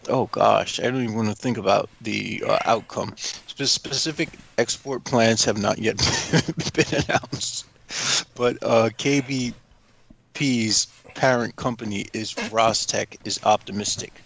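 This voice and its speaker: A man's voice: on the low side, measured pace, gravelly, fairly bright tone, slight background noise. A man cohosting a livestream, reading a news article aloud and breaking in with crude jokes.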